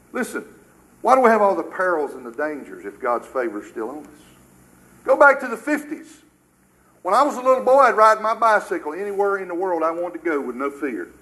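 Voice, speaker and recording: Older man preaching, high and bright. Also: poor audio. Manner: emphatic preaching, rhetorical questions, surging and dropping. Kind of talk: sermon.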